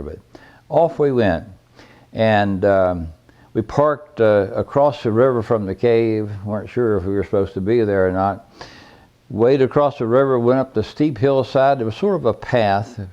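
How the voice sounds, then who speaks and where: A man's voice: fairly low pitch, lively intonation, moderate pace, warm tone, lo-fi sound. An older man telling personal stories in a folksy, plainspoken, rambling way. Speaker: veteran caver recounting his history. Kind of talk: personal storytelling.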